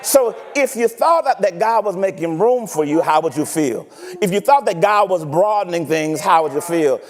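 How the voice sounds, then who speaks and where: High-voiced preacher in an echoing church. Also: male voice, normal speed. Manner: animated, teasing preaching with rhetorical questions. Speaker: pastor. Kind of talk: sermon. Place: church sanctuary.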